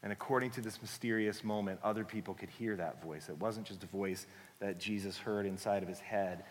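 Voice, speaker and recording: A man preaching a sermon in a conversational, earnest way, dropping soft and slow for reassuring lines. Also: on the low side, steady tone. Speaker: guest preacher, book author. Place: church sanctuary. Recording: long church hall reverb.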